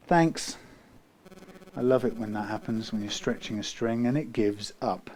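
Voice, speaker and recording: A man working as a guitar technician who muses aloud while he works, rambling and often trailing off into quiet muttering. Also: mid-range voice, measured pace, slight background noise.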